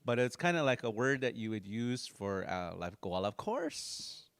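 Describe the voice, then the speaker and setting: A man teaching a language class in a relaxed way, repeating phrases slowly and making jokey asides. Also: medium pitch, smooth. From Dakota community.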